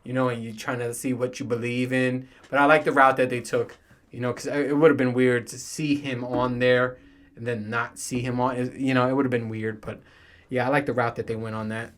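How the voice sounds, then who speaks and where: A man's voice: medium pitch, flat delivery, moderate pace. Laid-back rambling man, casual and profane. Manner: rambling, profane, laughs often. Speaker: solo podcast host. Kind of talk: casual monologue.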